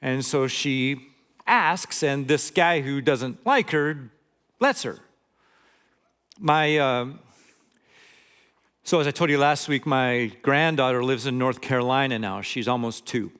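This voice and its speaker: A man's voice: mid-range voice, takes it slowly, pauses often, a bit bright, clean tone. An older man from Montana giving a conversational sermon as a guest preacher, reading scripture and adding joking asides.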